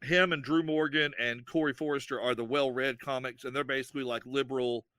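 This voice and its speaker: Bright, talkative man. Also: medium pitch, fairly quick, clear, resonant tone, dry recording. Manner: rambling, animated storytelling. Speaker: podcast creator, guest. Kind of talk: casual interview chat.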